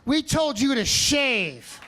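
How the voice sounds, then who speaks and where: A man's voice: extremely high pitch, big pitch swings, a little slow, a bit bright, exaggerated voice. A man voicing a cranky elderly female nurse who barks curt orders. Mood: irritated. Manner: barking short orders.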